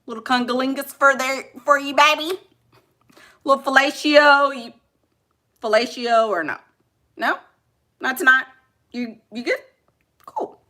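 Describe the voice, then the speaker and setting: A stiff, pompous suitor who carries every word with exaggerated propriety , as a woman puts him on. The voice sits higher and louder than plain speech, with a bright edge. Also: a little slow, pauses often. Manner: stiffly proper, uses fancy words. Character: prim, overly formal, pompous suitor.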